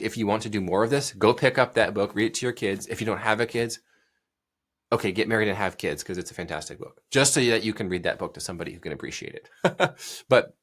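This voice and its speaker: A man's voice: fairly low pitch, fairly bright tone. A man hosting a solo podcast, talking casually and emphatically with many fillers and restarts, and reading a passage aloud. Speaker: podcast host.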